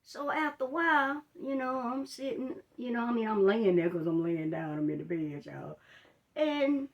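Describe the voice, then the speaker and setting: A woman's voice: on the high side, lively intonation, normal speed, muffled recording. A woman telling a personal story in a storytime vlog, chatting straight to her viewers and retelling it with drama. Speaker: life coach.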